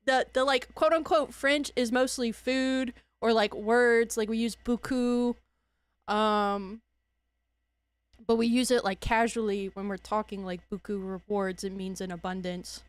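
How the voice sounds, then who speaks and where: A young Cajun woman from Louisiana chats casually on her stream, unhurried and wandering from point to point. Her voice is smooth and clean, and the recording is close and dry. She often stops to correct herself, and laughs along the way. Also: medium pitch, fairly even intonation, dry recording. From Louisiana, USA. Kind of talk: casual chat.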